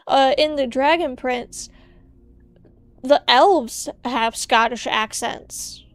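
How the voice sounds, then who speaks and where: A woman's voice: high voice, very slow, dry recording. A woman VTuber streamer chatting casually on a livestream, ranting playfully with strong opinions.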